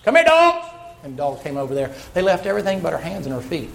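Folksy, animated high-voiced male preacher. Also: very fast, creaky, a little hiss or hum. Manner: folksy, animated retelling with playful asides. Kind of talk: storytelling sermon.

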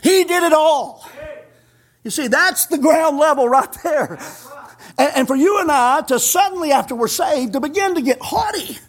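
A man preaching a sermon in a folksy way, chuckling, dropping in "amen" and rising to shouts. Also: extremely high pitch, lively intonation, normal speed. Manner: punctuates with "amen".

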